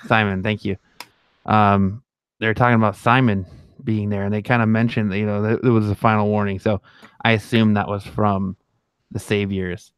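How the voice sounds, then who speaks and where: Low, smooth-voiced man rambling casually. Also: level tone, moderate pace, dry recording, clean studio sound. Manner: rambling with frequent restarts and fillers. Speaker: podcast co-host. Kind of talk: casual fan discussion.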